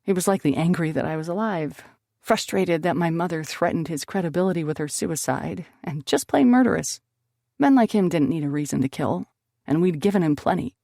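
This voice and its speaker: A woman's voice: on the low side, animated, a little fast, gravelly, mellow, no room sound, studio quality. A woman narrating a first-person romance audiobook expressively, lifting her voice on emotional lines.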